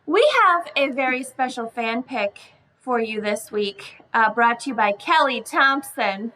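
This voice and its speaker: A woman's voice: fairly high pitch, measured pace, low-quality recording. A young woman co-hosting a podcast in casual, giggly chat. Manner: giggly, animated storytelling. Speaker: podcast co-host.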